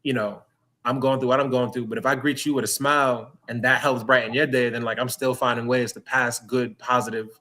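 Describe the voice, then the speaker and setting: A man's voice: medium pitch, flat delivery, bright, forceful tone. A middle-aged man from New York City, a guest speaking candidly and reflectively, often restarting his phrases. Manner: earnest, reflective, halting restarts. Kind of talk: candid conversational interview.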